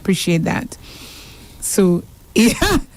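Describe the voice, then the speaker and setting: A woman's voice: medium pitch, big pitch swings, takes it slowly, dry recording. A woman with a Saint Lucian accent co-hosting a radio show, reading out listener messages with frequent laughter. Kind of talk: casual radio chat.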